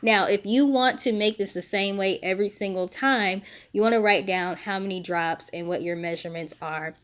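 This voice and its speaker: A woman narrating a casual how-to voice-over for her spiritual DIY video. She sounds a little short of breath and explains each step in a relaxed, chatty way with small laughs. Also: medium pitch, moderate pace. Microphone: phone.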